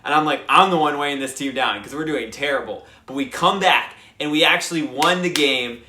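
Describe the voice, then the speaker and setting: A young man hosting a board game channel, telling a lively casual recap full of fillers and acted-out quotes. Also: on the high side, fairly quick, slight background noise. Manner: animated, lots of fillers, acts out quotes. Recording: echoey room.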